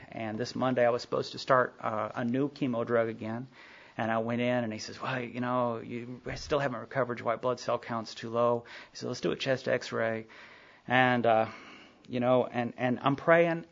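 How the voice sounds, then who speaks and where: A man's voice: mid-range voice, creaky, fairly bright tone. A middle-aged man giving a rambling personal talk at a recovery meeting, full of fillers and quoted dialogue. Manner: rambling storytelling with many fillers, quoting others. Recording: dull lo-fi recording.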